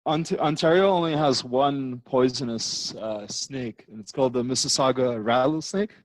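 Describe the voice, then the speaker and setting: A man's voice: medium pitch, moderate pace, no echo, poor audio. Canadian guy on a podcast, rambly, lots of likes and ums, dry sound. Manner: rambling storyteller, lots of fillers. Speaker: podcast guest. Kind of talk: casual chat.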